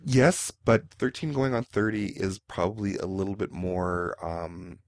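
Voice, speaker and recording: A hungover man co-hosting a casual movie-review chat, rambling with halting fillers. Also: low voice, fairly even intonation, no echo. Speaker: podcast co-host.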